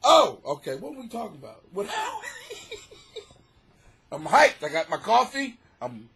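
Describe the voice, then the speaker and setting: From his home basement, a man hosts his own comedy podcast, rambling through a profane, animated monologue and laughing at his own jokes. His husky voice is high-pitched and unhurried.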